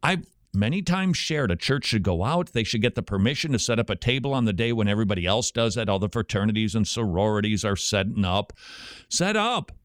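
A man hosting a radio show, answering listener questions in a lively, chatty way. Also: lowish voice, brisk, no room sound, clean studio sound.

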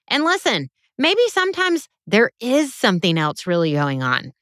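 A woman's voice: mid-range voice, wildly swooping pitch, normal speed, a bit bright, dry recording, studio quality. Direct, emphatic woman podcast host. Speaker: podcast host and biblical counselor. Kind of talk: scripted podcast monologue.

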